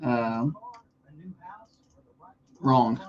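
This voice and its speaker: A man's voice: medium pitch, steady tone, extremely slow, muffled recording. A man hosting a morning radio show with a Southern American accent, joking through casual banter. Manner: joking, does old-timey announcer voices.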